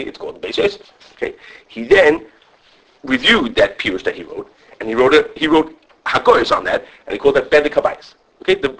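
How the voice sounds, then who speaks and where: A man teaching a lively halachic class to students. He talks quickly, restarts often, checks in with "okay", and mixes Hebrew and Yiddish terms into his English. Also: mid-range voice, husky, low-quality recording. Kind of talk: animated halachic lecture with students.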